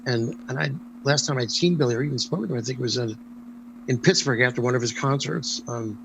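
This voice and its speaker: This older man's medium-pitched, gravelly voice moves fast as he tells stories in a relaxed interview, animatedly voicing each character he quotes. There's noise in the background.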